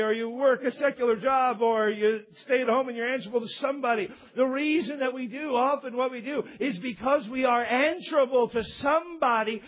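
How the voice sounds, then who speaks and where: A man preaches with a high, husky voice, leaning into his points with growing emphasis. The recording is muffled and lo-fi, like a church sermon tape. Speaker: pastor.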